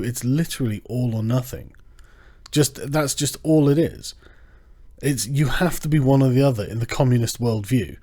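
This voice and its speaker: Male channel host, mellow low timbre, swears freely, sarcastic and heated in a loose livestream rant. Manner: profane, sarcastic, animated.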